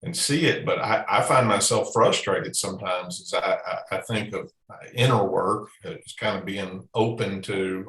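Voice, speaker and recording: A man asking a question in a group talk, hesitant and reflective, often restarting his sentences. His voice sits fairly low. The room around him sounds echoey. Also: a bit bright. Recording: roomy echo.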